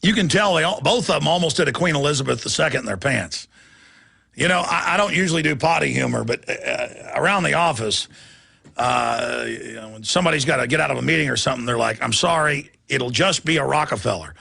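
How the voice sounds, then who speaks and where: A man's voice: mid-range voice, animated, fast, vocal fry, pushed and bright, husky. A middle-aged man hosting a talk radio show, ranting in a rambling, insulting way that stumbles over its own words.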